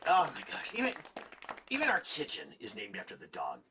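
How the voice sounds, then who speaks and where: A man's voice: a little high, wildly swooping pitch, brisk, a crowd in the background. A man doing a stand-up comedy set, rambling and self-mocking, laughing at his own jokes on stage before a live audience. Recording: live club audience and ambient noise.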